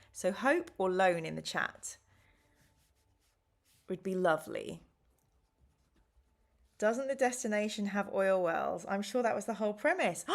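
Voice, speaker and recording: A chatty woman hosts a live-streamed gamebook play-through. She reads the story and its choices aloud and banters easily with her viewers between passages. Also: medium pitch. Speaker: streamer and host.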